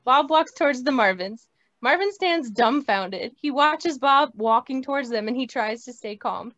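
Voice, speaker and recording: Woman reading stage directions, high voice, dry muffled lo-fi call audio. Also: normal speed. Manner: plain, steady reading. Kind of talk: script table read. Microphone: video call.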